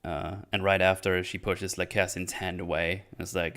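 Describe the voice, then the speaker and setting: A man hosting his own show, casually retelling scenes with filler words and quick quoted lines. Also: low-pitched, flat delivery, fairly bright tone. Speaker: podcast host recapping a series. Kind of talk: casual chat.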